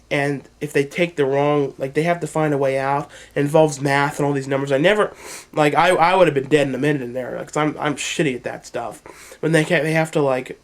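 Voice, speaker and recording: A man casually reviewing his horror DVD collection, rambling with lots of filler words. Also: a little high. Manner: rambling, heavy use of "like" and "you know".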